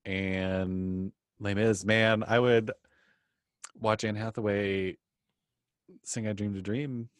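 A man co-hosting a casual podcast, wry and laid-back, gently teasing his co-host. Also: fairly low pitch, level tone, takes it slowly, pauses often, clear, resonant tone, dry recording, clean studio sound. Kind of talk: casual chat.

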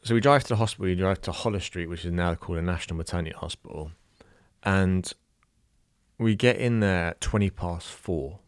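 A young Irish man with a low, deep voice recounts a personal story, halting and emotional, often restarting his sentences. The recording is close and dry, with no room sound. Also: clear, resonant tone, no echo. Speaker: new father telling a birth story.

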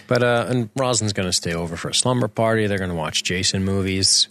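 Low-voiced man riffing crudely. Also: fast, a bit bright. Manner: crude, joking, riffing on wordplay. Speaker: podcast co-host. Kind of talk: casual chat.

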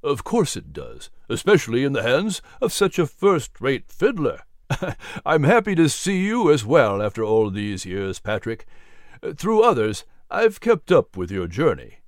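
Man putting on a courtly older gentleman. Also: mid-range voice, huge pitch swings, measured pace, no echo, clean studio sound. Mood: gracious. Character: older gentleman mentor, gracious and warm. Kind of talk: storybook reading.

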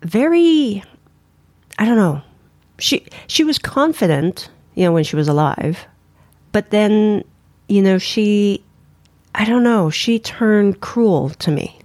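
A woman co-hosting a podcast, talking in a relaxed, teasing way with some hesitation while reviewing a series. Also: medium pitch, takes it slowly, no echo. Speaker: podcast co-host. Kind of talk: casual review chat.

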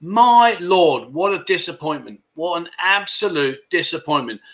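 A man's voice: fairly high pitch, lively intonation, unhurried, a bit bright. A middle-aged man hosting a casual livestream chat show, joking, teasing viewers and reading out their comments. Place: home in Pattaya.

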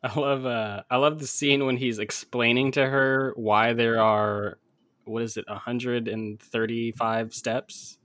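A man's voice: medium pitch, fairly even intonation, measured pace, a bit bright, no room sound. A man co-hosting a casual movie podcast, teasing his friends and laughing often. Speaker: podcast co-host. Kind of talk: casual movie-discussion chat.

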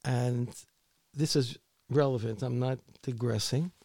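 A man, an author being interviewed, telling his story in a halting way with many repeated words. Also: mid-range voice, fairly even intonation, gravelly, a little mellow, no echo, studio quality. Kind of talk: conversational interview.

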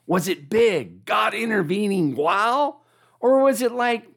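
A preacher delivering a sermon, animated, asking listeners to repeat key lines back. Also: medium pitch, a little slow.

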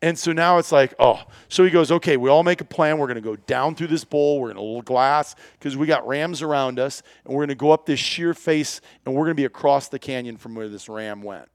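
A man telling a hunting story in lively, animated fashion, acting out the dialogue and laughing often. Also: mid-range voice, a little fast, few pauses, no echo, studio quality.

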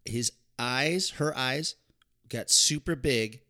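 A man chatting casually as a podcast co-host, telling a story in a relaxed, conversational way. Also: medium pitch, takes it slowly. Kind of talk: casual chat.

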